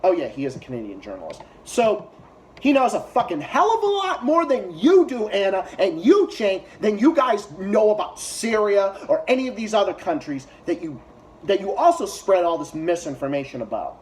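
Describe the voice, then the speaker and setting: A man's voice: high voice, huge pitch swings, normal speed, a little hiss or hum. A man heckling video clips in a profane, sarcastic rant as a political commentary YouTuber. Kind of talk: ranting reaction commentary.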